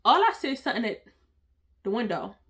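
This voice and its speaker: A woman's voice: fairly high pitch, big pitch swings, a little fast, fairly bright tone, husky. A woman, dramatically telling a storytime vlog and talking straight to her viewers with slang. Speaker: storytime vlogger.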